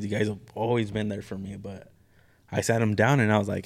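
A man's voice: lowish voice, little pitch movement, a little fast. A man in laid-back podcast chat, slangy and saying dude a lot.

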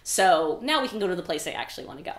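A woman's voice: lowish voice, big pitch swings, racing. A woman voicing a reckless young male prince in an offhand, nonchalant way during a casual book recap, in an echoey room. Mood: dismissive.

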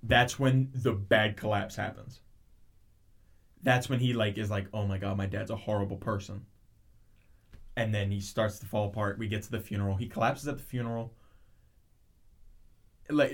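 A man's voice: fairly low pitch, normal speed, long pauses. A man in casual chat, animatedly retelling a show's plot with lots of restarts and tangents. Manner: rambling, animated storytelling with frequent restarts.

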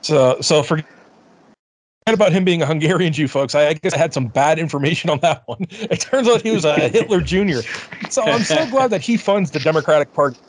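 A man's voice: on the high side, expressive, fairly quick. A man hosting a podcast in casual chat, ranting with lots of swearing and speaking to listeners as folks. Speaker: podcast host.

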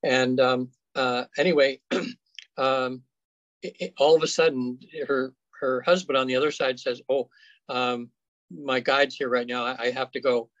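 A man, a guest on an interview show, recounts cases in a casual, halting way full of fillers and restarts. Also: mid-range voice, fairly even intonation, fairly bright tone, no room sound, dull audio. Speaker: afterlife researcher guest.

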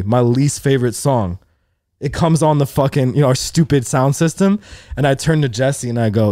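A man in his twenties, a podcast host, telling a profane, animated story in casual chat and acting out the people in it. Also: mid-range voice, normal speed, no room sound, studio quality.

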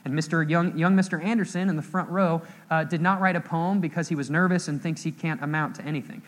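A young man preaching a sermon in church, telling stories and acting out scenes with lively emphasis. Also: a little high, fast talker, big-room sound. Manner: animated storytelling, acting out quoted scenes with raised voice. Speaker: pastor.

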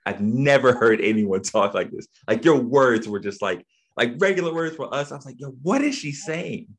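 A man's voice: mid-range voice, expressive, normal speed. A man hosting a casual podcast chat, laid-back and slangy, often repeating his words as he talks. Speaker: podcast host.

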